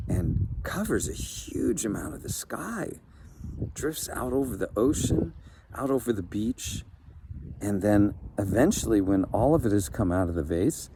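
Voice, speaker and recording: A man narrating a folk tale in a relaxed, conversational way with occasional fillers. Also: lowish voice. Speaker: storyteller. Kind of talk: improvised story narration. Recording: background noise.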